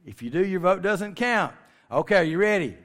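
A man's voice: sits high, expressive, fairly quick, fairly bright tone. A man giving a folksy, joking talk to a family audience, stretching words for emphasis. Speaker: speaker at a creation ministry. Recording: long reverb of a large hall.

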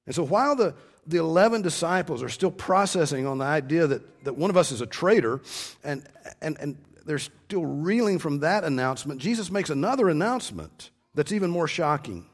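A male preacher giving an expository sermon, earnest, slowing down to stress key words and often repeating words as he restarts. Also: a little high, animated.

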